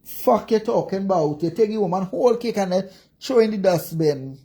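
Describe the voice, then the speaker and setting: On a livestream, a woman with a Jamaican accent, a social media commentator, angrily rants, insulting people and cursing repeatedly. Her medium-pitched voice is dark and slightly rough, with lively intonation at a moderate pace.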